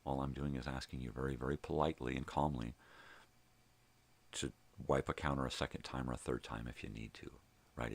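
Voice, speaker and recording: A man's voice: rumbling low, vocal fry, slightly rough. An older man hosting his own vlog, telling a heated, profanity-filled story in a casual ranting monologue. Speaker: vlog host. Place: home.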